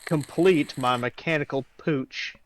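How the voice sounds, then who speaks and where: A man's voice: on the high side, measured pace, slight background noise. A man playing a tabletop game who jokes, swears and talks through his moves as he goes. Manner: playful, swearing, thinking aloud. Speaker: player. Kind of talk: casual tabletop game chat.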